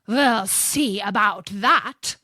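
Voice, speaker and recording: A woman voicing a menacing male wolf in a storybook, slow and threatening. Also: medium pitch, sharp tone, no room sound, studio quality, exaggerated voice.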